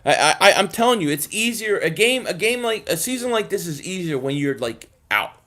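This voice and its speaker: Philly guy venting on a live stream, kinda high voice, keeps stuttering I, I, I. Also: big pitch swings, brisk, fairly bright tone. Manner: frustrated, repetitive, stammering restarts. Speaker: sports fan channel host.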